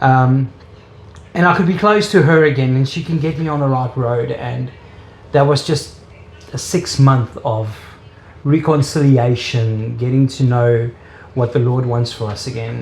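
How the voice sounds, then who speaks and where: A man with a South African accent shares his personal faith story as an interviewee, earnest and openly emotional. His voice sits at a middle pitch. The room rings with echo, and faint ambient noise runs underneath. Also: steady tone, moderate pace.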